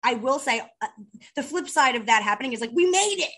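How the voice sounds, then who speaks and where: A woman's voice: high-pitched, expressive, quick pace, fairly bright tone. A woman co-hosting a podcast, chatting casually with plenty of "like" fillers. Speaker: podcast co-host. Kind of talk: casual chat.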